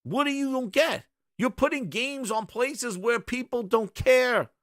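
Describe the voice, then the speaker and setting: A man's voice: extremely high pitch, unhurried, a bit bright, no room sound, studio quality. A man hosting a gaming show, ranting with sarcasm and exasperation in casual commentary.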